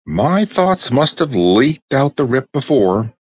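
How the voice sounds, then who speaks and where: A man voicing a cheerful, earnest rag doll girl who leads her friends, in a bright, eager storybook voice. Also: medium pitch, big pitch swings, slow pace, pitched above the performer's own voice. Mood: thoughtful.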